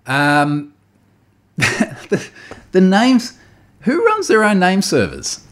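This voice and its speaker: A man's voice: high-pitched, wildly swooping pitch, drawn-out words, long pauses, fairly bright tone. A man, a podcast host animatedly recounting a story in casual chat, often repeating words and laughing.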